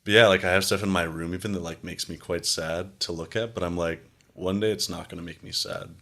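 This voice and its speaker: Low-voiced young man rambling casually. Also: steady tone, fairly quick, gravelly, pushed and bright. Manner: rambling, frequent "like" fillers, acts out quoted exchanges. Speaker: podcast host. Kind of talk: casual conversation.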